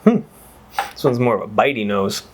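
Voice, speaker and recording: A man's voice: medium pitch, lively intonation, normal speed, noisy background. A man reviewing whiskey in a casual, rambling chat that wanders off on tangents and is full of exclamations. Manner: exclaims and swears freely.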